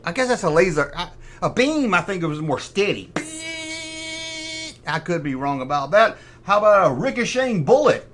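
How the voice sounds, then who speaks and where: A man's voice: sits high, sing-song, moderate pace, a bit bright, slight background noise. A middle-aged man hosting a comic toy review. He makes sarcastic asides and imitates sound effects with his mouth. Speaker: toy collector host.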